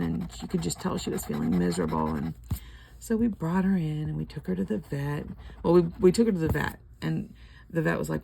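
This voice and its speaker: A woman's voice: sits low, vocal fry, a little mellow, husky. An older woman chatting casually and rambling at home while scratching lottery tickets, laughing often.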